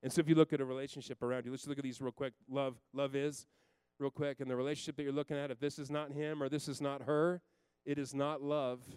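A man in his thirties preaching a sermon as a pastor, emphatic and swinging from loud to hushed. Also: medium pitch, little pitch movement, fast, few pauses, clean tone, no room sound.

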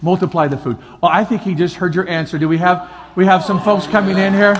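A man preaching as a pastor, energetic and coaxing, often repeating his calls to the crowd. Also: high-pitched, normal speed. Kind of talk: lively sermon demonstration. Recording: long hall reverb, faint crowd.

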